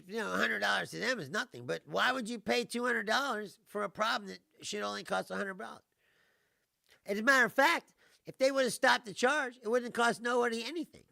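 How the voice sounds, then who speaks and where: A man's voice: high voice, creaky, sharp tone, dry recording, clean studio sound. A middle-aged man hosting a live stream, telling a story in a casual, exasperated rant, laughing and swearing as he goes. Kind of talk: casual ranting monologue.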